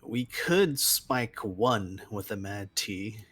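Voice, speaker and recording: A man chats through a tabletop role-playing game in a laid-back, joking way. His voice is low and husky, and he speaks slowly. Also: animated, fairly bright tone. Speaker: player. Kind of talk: casual tabletop play.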